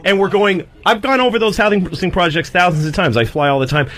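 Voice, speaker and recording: A middle-aged man tells a story as a comedy guest on a talk show, profane and animated, with frequent restarts. His voice sits a little high for a man. He slips into other people's voices as he goes. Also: a little fast.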